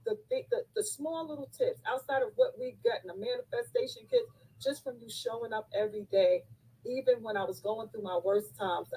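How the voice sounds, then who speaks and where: A woman's voice: mid-range voice, warm tone, husky, poor audio. A woman in her fifties on a live call, tearful and effusive, thanking the host over and over. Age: 50s. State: crying. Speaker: caller on a live stream.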